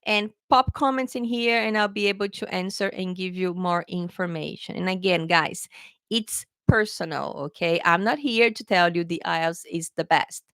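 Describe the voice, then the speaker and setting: A woman's voice: lowish voice, normal speed, fairly bright tone, clear, resonant tone, no echo. A woman tutoring English test takers in a casual live question-and-answer lesson, chatty and often adding "okay, guys".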